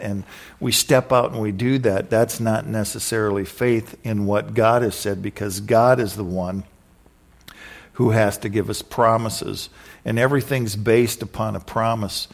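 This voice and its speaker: Low gravelly-voiced male preacher. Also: steady tone, moderate pace. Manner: conversational, repeats phrases, acts out quoted voices. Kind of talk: casual sermon with personal stories.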